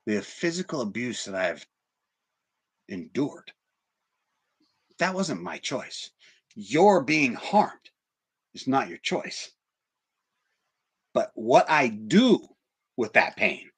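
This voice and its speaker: Husky man preaching a sermon. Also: mid-range voice, sing-song, slow pace, long pauses. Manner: swings from hushed, near-whispered lines to loud emphatic ones. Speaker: pastor. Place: church.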